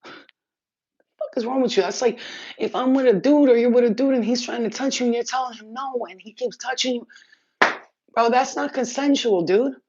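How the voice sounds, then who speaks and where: A woman's voice: fairly high pitch, fairly quick, a little mellow, a little hiss or hum. A woman doing a spiritual reading, talking in a casual livestream chat that is blunt, profane and rambling. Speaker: spiritual reader. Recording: dull lo-fi, dry.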